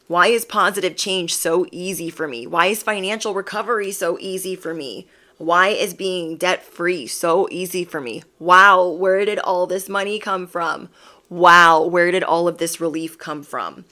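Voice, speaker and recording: Low-voiced woman reading tarot. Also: normal speed, pushed and bright. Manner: emphatic, repetitive affirmations. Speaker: tarot reader. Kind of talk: pick-a-card tarot reading.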